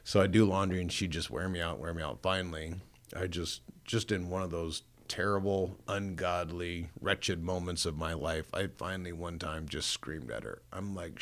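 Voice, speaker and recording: Deep, gravelly middle-aged pastor. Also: male voice, normal speed. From Northern Illinois. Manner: earnest storyteller, self-mocking, frequent restarts. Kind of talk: personal testimony in an interview. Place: recording studio.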